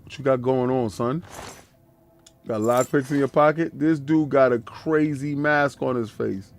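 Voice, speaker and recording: A man's voice: mid-range voice, unhurried, a little hiss or hum. A man streaming a video game, talking in a casual, slangy, joking way and laughing often. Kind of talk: casual gaming commentary.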